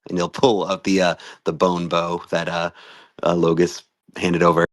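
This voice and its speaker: A man's voice: low voice, flat delivery, moderate pace, no room sound. A man playing a tabletop game, rambling and laughing as he describes his moves. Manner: rambling, laughing between thoughts. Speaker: player.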